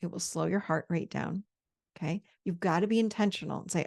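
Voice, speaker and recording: A woman host giving personal growth advice, emphatic and animated, often repeating her phrases. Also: medium pitch, brisk. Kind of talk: talking-head advice talk.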